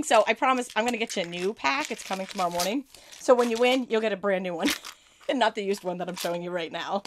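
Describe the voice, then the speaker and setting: A woman's voice: mid-range voice, slight background noise. A woman hosting a live video about card-making supplies, chatting casually with viewers in a bubbly, gushing way.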